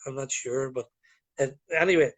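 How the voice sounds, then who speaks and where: A man from Northern Ireland speaks at a medium pitch and normal speed. He's a guest on a live video call, chatting casually and rambling through stories packed with fillers.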